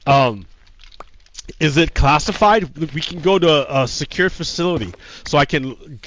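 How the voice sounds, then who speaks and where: A man's voice: a little high, a little slow, fairly bright tone, muffled recording. A man talking casually on a livestream, heated and profane, often repeating himself. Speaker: streamer.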